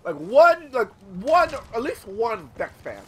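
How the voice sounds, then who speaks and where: High, animated rambling gamer guy. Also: takes it slowly, husky. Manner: rambling, swears often, many filler words. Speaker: gaming channel host. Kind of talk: casual gameplay commentary.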